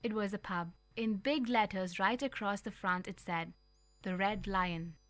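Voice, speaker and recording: A woman reading a storybook aloud on community radio, telling it in an expressive, lively way. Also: mid-range voice, moderate pace, no room sound. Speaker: story reader.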